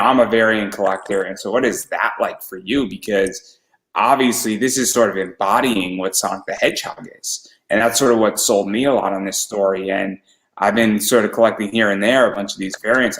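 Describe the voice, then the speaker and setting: A man's voice: fairly low pitch, steady tone, brisk, a bit bright, echoey room, rough recording. A man hosting a casual podcast interview, asking rambling, nostalgic questions. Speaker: podcast host.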